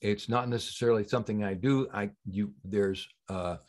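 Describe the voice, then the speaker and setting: A man being interviewed as a healing practitioner on a long-form podcast, telling stories in an animated, emphatic way that swings between loud and soft. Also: lowish voice, moderate pace, slight background noise. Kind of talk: casual interview talk.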